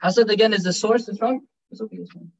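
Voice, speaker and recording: High-voiced fast-talking man teaching. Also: a little mellow. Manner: conversational and joking, mixing in Urdu and Arabic phrases. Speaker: Islamic teacher giving a talk. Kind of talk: informal religious lecture. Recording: dull distant recording.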